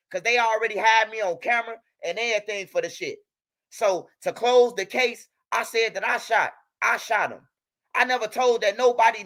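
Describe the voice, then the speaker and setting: Talking directly to camera, a young man unleashes an angry, profane rant at a rival, circling back over the same points again and again. His voice sits high with a fairly bright tone.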